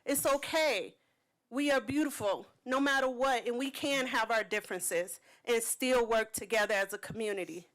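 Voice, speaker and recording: A woman's voice: a little high, moderate pace, a bit bright, rough recording. A woman speaking at a city council meeting, earnest and close to tears as she thanks the council for supporting her community event. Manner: heartfelt, earnest, slightly tearful. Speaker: event organizer speaking at public comment. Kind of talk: emotional public comment speech.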